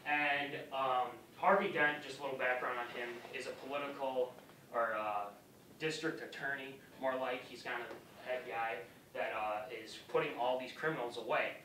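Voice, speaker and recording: A man's voice: medium pitch, steady tone, moderate pace, pushed and bright, slight background noise. A young man giving a casual class presentation, rambling in loose phrases. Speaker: student presenter. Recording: roomy classroom sound, from far off.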